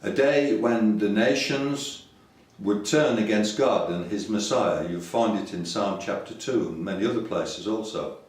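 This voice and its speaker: A man's voice: lowish voice, a little slow. An older man from Yorkshire with a Yorkshire accent, giving a casual sermon to camera in a rambling, hesitant, conversational way. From Yorkshire, England. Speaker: website preacher. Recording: echoey room from far off.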